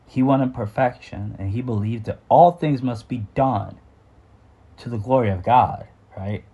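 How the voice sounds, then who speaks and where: A middle-aged man recounts a story from his own life in an unscripted, earnest way. His voice is husky and sits at an ordinary pitch, and he halts and restarts often, sighing between thoughts. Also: warm tone, muffled recording. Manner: halting, with frequent fillers and restarts. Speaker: memoir storyteller.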